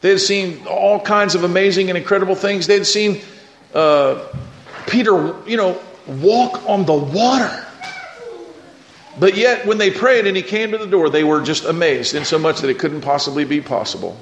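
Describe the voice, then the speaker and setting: Guy preaching, tells the story, gets the crowd to answer back, bit of a higher voice, echoey room. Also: expressive, moderate pace. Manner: storytelling, engages the congregation. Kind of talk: sermon. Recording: echoey room with faint noise.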